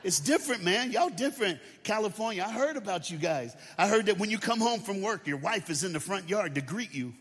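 Guest preacher, man, higher voice, playful and animated, works the crowd, long hall reverb. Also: a little fast, hardly any pauses. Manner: animated, playful, audience call-and-response. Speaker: guest speaker. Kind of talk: comedic motivational storytelling talk. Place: large church auditorium with balcony.

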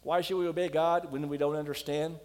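A man's voice: on the high side, flat delivery, a little fast, a little mellow. Emphatic male preacher in a reverberant hall. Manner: emphatic, questioning, storytelling. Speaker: pastor. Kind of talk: sermon.

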